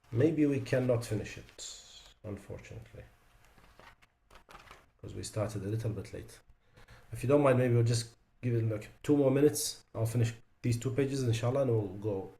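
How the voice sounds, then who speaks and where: A man with a gravelly, mellow voice teaches a tajweed class on recitation mistakes. He recites each sound as an example, then lowers his voice to explain what's wrong with it.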